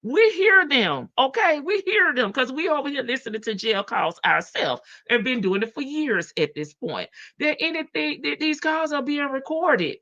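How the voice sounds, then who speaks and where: Sassy bright-voiced woman livestream host. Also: high-pitched, animated, normal speed, few pauses, muffled recording. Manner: sassy, chatty, laughs often, calls viewers baby. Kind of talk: casual livestream commentary.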